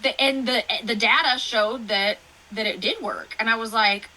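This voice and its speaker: A woman from Texas with a Texan accent, telling stories in a rambling, animated way as a guest in a casual interview. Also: on the high side, moderate pace, rough recording. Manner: rambling, animated storytelling with fillers. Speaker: guest author.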